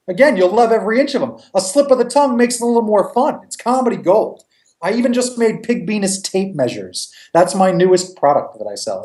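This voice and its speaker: A comic creator from New York, this man chats through a casual interview in a joking, animated way, swearing freely. His voice is high, and the recording is reverberant.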